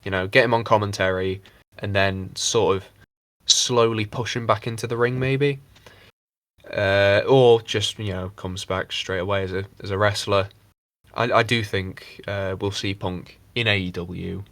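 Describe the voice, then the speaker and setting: Sweary podcast host, lowish voice. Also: male voice, steady tone, a little slow, fairly bright tone, no echo. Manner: rambling, sweary, mocking impressions. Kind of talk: casual chat.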